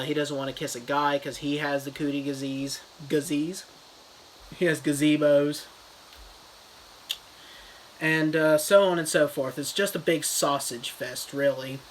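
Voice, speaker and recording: A man's voice: on the high side, slight background noise, rough recording. A man retelling a story as a mock review, in a loose, rambling style full of fillers. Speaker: comedy reviewer.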